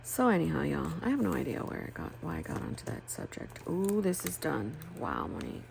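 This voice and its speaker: A low-voiced woman talks through her crafting in a loose, rambling way and swears freely. Her voice has a gravelly rasp. Faint room noise hums behind her. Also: wildly swooping pitch, brisk. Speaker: planner crafting vlogger. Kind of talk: casual chat while crafting.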